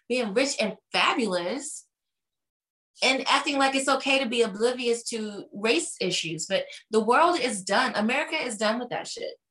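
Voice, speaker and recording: Animated storytelling woman, casual chat. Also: a little high. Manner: animated storyteller who acts out the people she quotes; profane and blunt. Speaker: podcast co-host. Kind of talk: casual chat, retelling a reality show.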